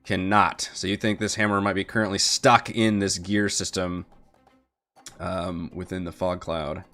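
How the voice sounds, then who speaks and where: A man with a low voice runs a tabletop game, teasing his players and swearing freely between bursts of laughter. Soft music plays under his talk. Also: level tone, measured pace. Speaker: game master.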